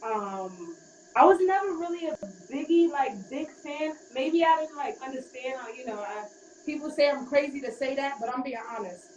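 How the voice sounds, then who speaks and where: A woman rapper from Queens, New York, chatting casually in an interview with a relaxed, rambling manner and many fillers. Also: high voice, normal speed. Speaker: rapper guest. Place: hotel room while getting ready. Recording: roomy, distant, faint background noise.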